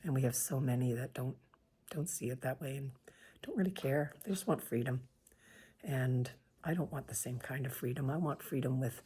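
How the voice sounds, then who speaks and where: A woman's voice: rumbling low, moderate pace, dark tone, slightly rough. A woman from Canada talking straight to camera in an earnest, pained personal monologue, sometimes dropping to a whisper. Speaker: vlogger sharing her views.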